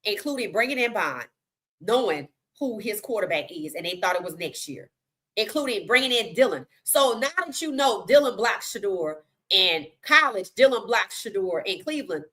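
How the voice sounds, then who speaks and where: A woman's voice: medium pitch, expressive, normal speed, bright, forceful tone, breathy edge. A woman hosting a casual sports talk livestream, giving outspoken, colloquial opinions and greeting chat viewers. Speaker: podcast host.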